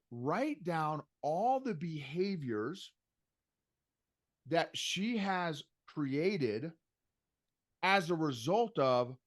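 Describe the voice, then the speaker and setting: A middle-aged man speaks as a guest in a casual podcast interview, coaching listeners with animated emphasis. His voice sits a little higher than most men's. He keeps circling back to repeat his key phrases. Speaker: guest, emotional intelligence coach.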